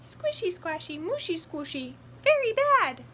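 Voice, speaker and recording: A woman's voice: very high voice, very animated, unhurried, a bit bright, a little hiss or hum, pitched above the performer's own voice, heavily acted. A woman voicing a small, playful girl piglet who loves mud, with a squealy, gleeful delivery.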